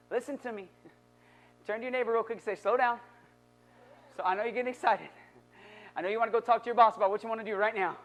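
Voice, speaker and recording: A male pastor delivering a sermon, moving from quiet, low passages to loud, building exhortation. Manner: dynamic preaching, dropping low then building to shouts.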